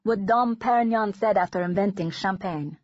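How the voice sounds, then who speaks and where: A tall young waiter with a playful, flourishing manner, as a woman reads him aloud in an audiobook. His voice sits higher than her narration and carries an eager lift. The recording is dry and a little dull. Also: very animated, fast, vocal fry, slightly rough, dry recording, exaggerated voice. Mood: charming. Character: tall young male waiter, charming and theatrical.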